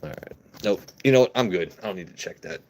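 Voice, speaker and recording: A man with a lowish voice hosts a relaxed whiskey livestream, riffing crudely and joking with his viewers. He talks off the cuff, swearing freely as he chats and pours. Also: quick pace. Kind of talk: casual livestream chat.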